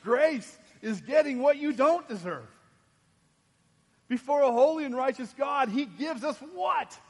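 High-voiced man preaching a sermon. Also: expressive, a little slow. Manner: swings from soft and low to loud and emphatic. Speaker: pastor. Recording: long hall reverb.

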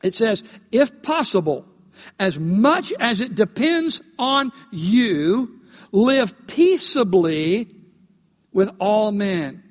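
High-voiced preacher in a reverberant hall. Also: male voice, very animated, extremely slow. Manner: emphatic preacher, rises to loud storytelling peaks. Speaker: pastor. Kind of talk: sermon.

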